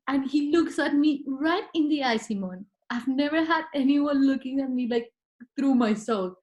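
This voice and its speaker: Woman guest with a slightly high voice, animated first-person storytelling. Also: moderate pace. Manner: animated, acts out her own past words. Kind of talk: casual conversational storytelling.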